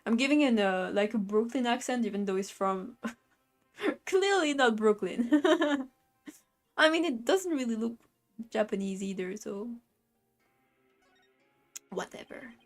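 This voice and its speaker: A woman's voice: on the high side, animated, unhurried, pauses often, faint music behind. A woman streamer giving casual, giggly commentary on a game, swearing offhandedly.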